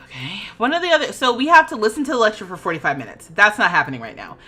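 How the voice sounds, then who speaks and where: A woman in her thirties streaming a life-sim game, ranting dramatically with loud outbursts and laughter, then settling into explanations for her chat. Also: medium pitch, very animated, racing, soft background music. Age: 30s. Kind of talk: livestream gameplay commentary.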